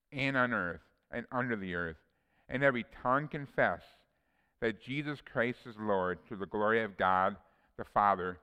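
A man delivers an earnest sermon, reading scripture aloud between plain personal asides. His voice is smooth and resonant at an ordinary pitch, and a long reverb trails behind it in a church hall. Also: bright, forceful tone. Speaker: preacher.

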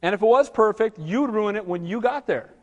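High voiced pastor guy preaching, animated, putting on whiny voices, long reverb. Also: a little fast, dull audio. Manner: animated, acts out whining voices, rhetorical questions. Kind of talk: sermon.

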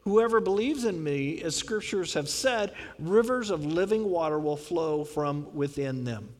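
High-voiced preacher man in a reverberant hall. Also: normal speed, few pauses. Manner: dramatic, acting out scripture quotes. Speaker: pastor. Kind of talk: sermon.

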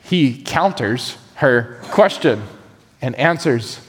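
A man preaching a sermon, animated and acting out the voices he quotes. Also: on the high side, unhurried, big-room sound. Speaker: pastor.

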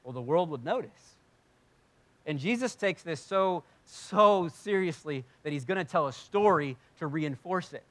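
A male pastor delivers a sermon in a slightly higher than usual voice. He moves between animated, acted-out voices and quiet, earnest stretches. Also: a little slow. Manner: animated, acts out voices of Bible figures, drops to soft intensity. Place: church sanctuary.

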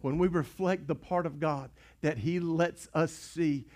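A high-voiced man preaches a sermon from the pulpit, his drawl coming through clearly. He swings between quiet, close asides and loud, repeated rallying lines to his congregation. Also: fairly even intonation, a little slow. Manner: preaching in swells from hushed to shouting, repeats words. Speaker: pastor. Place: church sanctuary. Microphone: pulpit mic.

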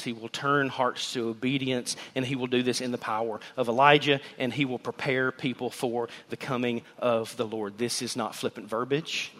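Brief male pastor, high forceful voice, animated and jokey with the crowd, long church reverb. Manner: animated, joking preacher who addresses the congregation. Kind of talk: sermon. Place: church sanctuary.

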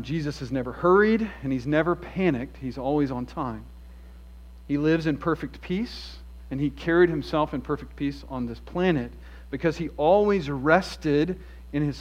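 A male pastor preaching an expository sermon in a church, earnest and story-driven, moving between emphatic and hushed delivery. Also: medium pitch. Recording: dull lo-fi sound.

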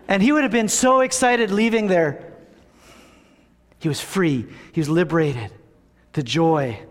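A man preaching a conversational, animated sermon as a pastor in a church, asking the congregation rhetorical questions. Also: sits high, unhurried, pauses often. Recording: long reverb of a church hall.

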